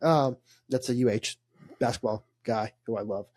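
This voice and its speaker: A man's voice: mid-range voice, normal speed, a little mellow, no room sound. A young man, co-hosting a casual sports podcast and telling a rambling story full of laughs and fillers. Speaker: podcast co-host.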